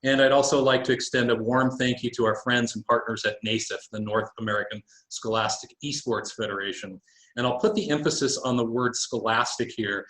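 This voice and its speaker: A man with a medium-pitched, fairly bright voice and steady tone presents a webinar over a video call. He's earnest and thankful, measured but using some fillers, and the video call audio sounds roomy.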